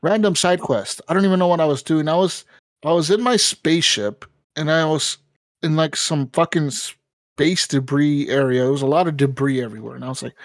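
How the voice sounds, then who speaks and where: A man's voice: fairly high pitch, a little fast, no room sound. A man co-hosting a gaming podcast, swearing freely and telling stories with lots of energy. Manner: profane, animated storytelling. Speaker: podcast co-host. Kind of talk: casual gaming podcast chat.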